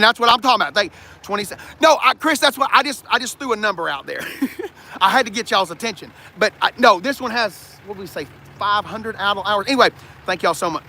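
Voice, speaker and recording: A man's voice: high-pitched, creaky, sharp tone, a little hiss or hum. A man in a casual, jokey, rambling vlog, talking to his live chat while showing a truck. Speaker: car vlogger. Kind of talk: casual livestream walkaround.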